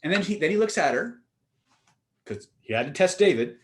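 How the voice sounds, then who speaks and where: A man's voice: fairly high pitch, very animated, normal speed. A man teaching communication skills in a seminar, telling stories and speaking emphatically, with direct rhetorical questions. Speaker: influence and communication trainer.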